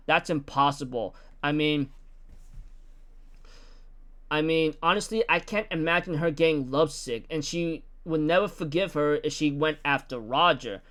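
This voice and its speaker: Young male manga reviewer, high voice, excitable, acts out quotes. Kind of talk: casual chapter recap.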